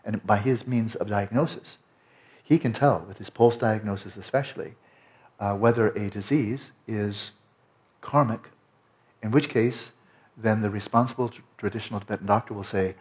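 A man's voice: fairly low pitch, moderate pace. A man who teaches Buddhism giving an earnest, discursive lecture with many self-corrections and restarts.

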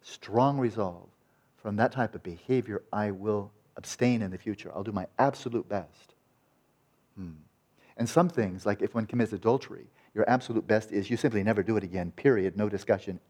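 A man's voice: fairly low pitch, fairly quick, a little mellow. A man teaching meditation in a conversational dharma talk, acting out quoted voices and often restarting his sentences.

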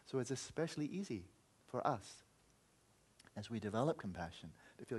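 A man's voice: medium pitch, sing-song, moderate pace, darkish tone, husky. A man teaching meditation in an earnest, reflective Buddhist talk, sometimes acting out inner voices.

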